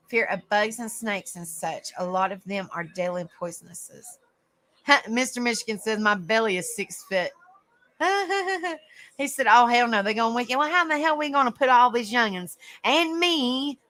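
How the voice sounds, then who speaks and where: A woman's voice: on the high side, bright, forceful tone. A middle-aged woman with a Southern US accent, casually chatting as a livestream host, reading out viewer comments and laughing often. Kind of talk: casual chat.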